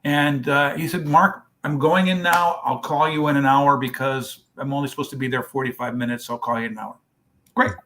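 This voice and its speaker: A man's voice: mid-range voice, fairly even intonation, fairly quick, bright, forceful tone, slight background noise. Man telling a heartfelt charity story. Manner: storytelling, acts out dialogue. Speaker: charity founder. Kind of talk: telling a story in a podcast interview.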